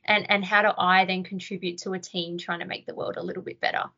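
Bright-voiced woman guest. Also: lowish voice, flat delivery, quick pace, highs cut off. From Australia. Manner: reflective storytelling. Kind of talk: podcast interview.

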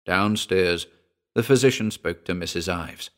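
A man narrating a pulp short story aloud in a steady, measured reading voice. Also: lowish voice. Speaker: audiobook narrator.

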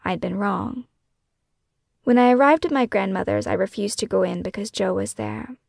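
A woman author reading her own memoir as scripted first-person narration, hushed and often falling into a breathy whisper. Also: medium pitch, normal speed, no room sound, studio quality. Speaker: author and podcast host.

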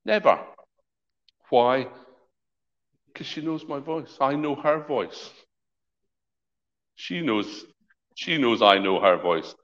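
Animated man preaching a sermon. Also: medium pitch, slow pace, pauses often, muffled recording. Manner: lively, conversational preaching with acted-out quotes. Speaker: pastor.

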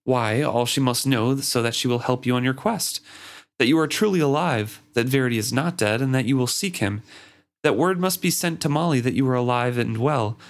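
A man's voice: medium pitch, normal speed, close to an everyday voice. A man reading aloud as an earnest young woman who speaks bluntly. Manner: blunt, matter-of-fact.

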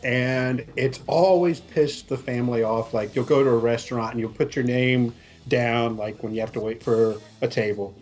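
A man's voice: mid-range voice, fairly even intonation, normal speed, few pauses, a little mellow, faint music behind. A man telling a casual, exasperated story on a podcast, swearing as he goes.

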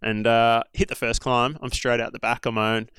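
A man's voice: medium pitch, level tone, moderate pace, a bit bright, clean tone, dry recording, clean studio sound. An Australian man, a former pro cyclist, telling stories in a rambling, casual way full of fillers and asides. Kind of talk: casual storytelling chat.

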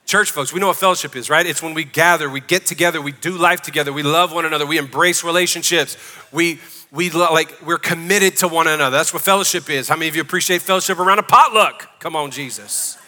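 A man preaches to his congregation, emphatic and often calling out to them for a response. His voice is forceful and bright, sitting a little high. The sound carries the long reverb of a church sanctuary. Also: quick pace. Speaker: pastor. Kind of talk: sermon.

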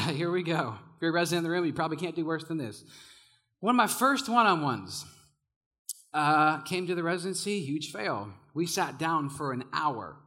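A young man preaching to a youth group, telling a funny story about his own failures, with laughs and lively swings. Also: fairly high pitch. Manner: animated, self-mocking, laughs often. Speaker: youth pastor. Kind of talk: sermon storytelling.

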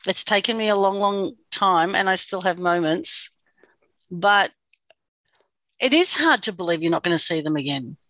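A woman's voice: mid-range voice, lively intonation, moderate pace, a bit bright, dry recording. A woman with an Australian accent hosting a podcast, talking frankly in a chatty way full of folksy sayings. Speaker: podcast host. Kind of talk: casual podcast conversation.

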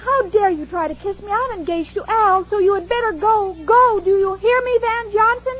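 A woman's voice: very high-pitched, unhurried, highs cut off. An actress playing a naive, dreamy young woman in a 1940s radio sitcom, talking in a sweet, literal-minded way. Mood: indignant. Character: ditzy sweet young woman, innocently confused. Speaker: comic lead. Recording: 1940s radio broadcast, studio audience, hiss.

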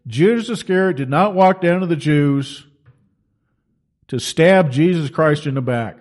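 A man's voice: on the high side, a little slow, darkish tone. A man preaching a sermon in an emphatic, colloquial storytelling manner.

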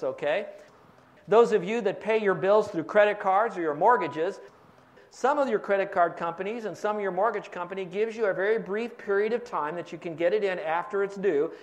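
Guy preaching a sermon, pretty high voice, quizzes the crowd. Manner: teaching with questions to the congregation. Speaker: pastor.

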